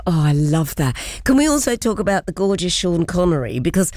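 A woman's voice: on the low side, very animated, fairly quick, darkish tone, dry recording, clean studio sound. A woman, hosting a chatty interview and laughing often. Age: 60s. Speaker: radio presenter. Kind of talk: casual interview chat.

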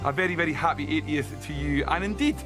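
Scottish radio guy, high-ish voice, chatty and jokey, bit of music under him. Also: fast. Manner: chatty, jokey, animated about pronunciations. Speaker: radio presenter. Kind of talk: casual radio chat reading listener messages.

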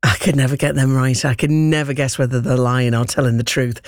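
A man's voice: medium pitch, steady tone, brisk, dry recording, studio quality. A man presenting on radio, reading breezy links and trailing upcoming shows.

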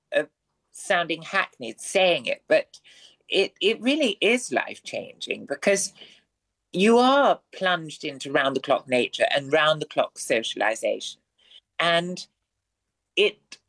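An expressive man guesting on a radio show, spinning ornate, theatrical sentences. His pitch rises and falls widely as he relishes each fancy word. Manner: florid, theatrical wordplay; lively, expressive delivery. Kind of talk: radio interview.

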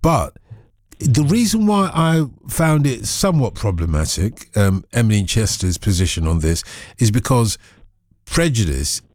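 A man in a casual chat who talks in a lively, teasing way. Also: on the low side, a little slow, no room sound, studio quality. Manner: lively, teasing, full of laughs. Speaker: conversation partner.

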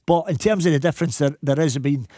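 A Scottish football coach from Glasgow with a Glaswegian accent, telling animated stories in a casual chat. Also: male voice, fairly high pitch, dry recording, studio quality. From Scotland. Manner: animated anecdotes, quick talk. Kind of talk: casual storytelling.

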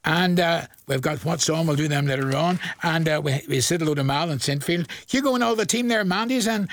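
Chatty Northern Irish radio man, high-pitched. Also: fairly quick, a bit bright. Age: 40s. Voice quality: chatty, jokey, chuckles often. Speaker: radio presenter. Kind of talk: local radio request show chat.

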